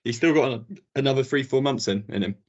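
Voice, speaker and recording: A man's voice: medium pitch, fast, dull audio. A man from England co-hosting a casual football chat, easygoing, laughing often and repeating himself. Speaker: podcast co-host. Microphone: video call.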